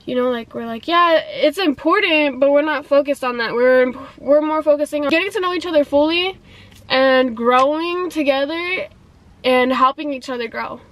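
A woman's voice: high voice, normal speed, fairly bright tone, poor audio. A young woman vlogger chatting casually and confessionally, rambling and filling her talk with "like" and "you know".

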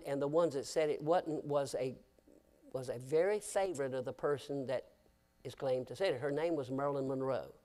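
Older preacher guy, high voice, goes quiet then yells, church sermon. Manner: swings from hushed to shouting. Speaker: pastor. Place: church sanctuary.

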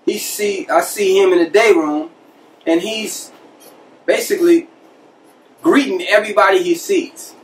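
A man casually telling a personal story from his past as a podcast host, conversational and animated, acting out the people he quotes. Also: sits high, unhurried, pauses often, distant mic, poor audio.

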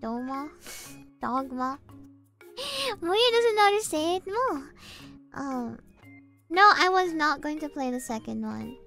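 High, bright, giggly young woman streamer. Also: lively intonation, takes it slowly, gravelly, long pauses. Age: young adult. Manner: giggly, refers to herself in the third person, cute verbal tic "mo". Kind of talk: casual livestream chat. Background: faint background music.

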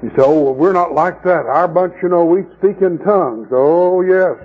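Over phone-quality sound with slight background noise, a high-pitched man preaches at normal speed during a camp meeting. He tells folksy stories and mocks the people in them, voicing their quoted lines.

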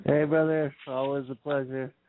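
A man speaking as a guest on a show, in measured conversational speech with some fillers. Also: medium pitch, level tone. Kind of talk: conversational interview. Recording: dry phone-line audio.

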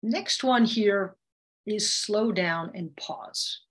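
A woman's voice: mid-range voice, very slow. A woman communication coach teaching a webinar, who often changes her voice to demonstrate her points.

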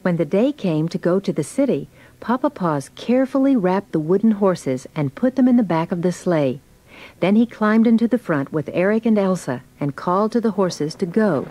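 A woman giving gentle, clear scripted narration of a storybook read-along. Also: on the low side, slight background noise, rough recording.

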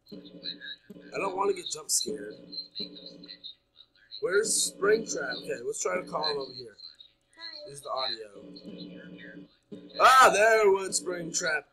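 A man's voice: high-pitched, vocal fry, bright, forceful tone, rough recording. A man playing a horror game, chattering nonstop and jumpy as he talks his audience through it. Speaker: gaming YouTuber. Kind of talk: horror game let's play commentary.

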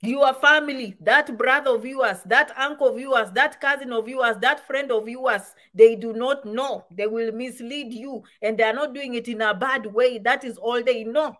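A woman's voice: fairly high pitch, moderate pace, hardly any pauses, fairly bright tone. A woman giving casual advice to camera, full of rhetorical questions and repeated points. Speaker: immigration advice vlogger.

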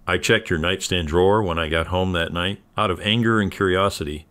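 Deep-voiced man narrating a story. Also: moderate pace, hardly any pauses, a bit bright. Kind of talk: scripted first-person story narration.

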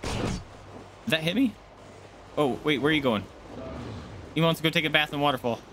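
A man streaming a game and commenting live, excitable, yelping and swearing as he plays. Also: fairly high pitch, moderate pace, noisy background. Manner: excitable, yelps and swears mid-fight. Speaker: gaming streamer.

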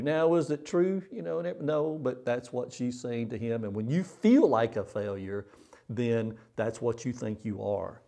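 A man's voice: medium pitch, lively intonation, unhurried, gravelly, mellow. A male pastor preaching a sermon in an earnest way, repeating phrases for emphasis.

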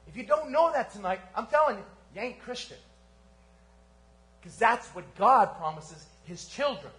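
High-voiced animated male preacher. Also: moderate pace. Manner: animated preaching with sudden quiet drops. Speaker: pastor. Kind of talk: sermon. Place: church service.

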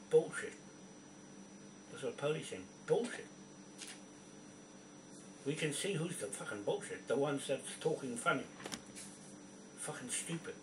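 A man ranting angrily at the camera, swearing constantly and confronting people by name. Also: mid-range voice. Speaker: video poster. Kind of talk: angry rant to camera. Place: indoors at a computer. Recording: roomy, distant from mic, faint background noise.

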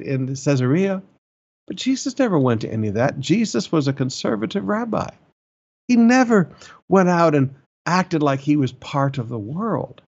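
A male pastor preaching a sermon, emphatic, with repeated phrases and sudden rises in pitch. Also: vocal fry, a little mellow, husky, highs cut off.

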